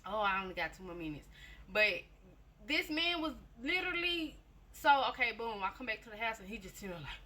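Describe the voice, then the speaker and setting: A woman's voice: fairly high pitch, very animated, fairly quick, bright, forceful tone. A woman giving a casual personal testimony, chatty and repetitive, often speaking straight to her listeners. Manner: chatty storytelling, repeats phrases, addresses listeners directly.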